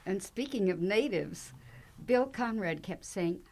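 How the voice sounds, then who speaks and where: A woman joining an interview conversation as a guest, adding lively asides to the stories. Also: mid-range voice, measured pace.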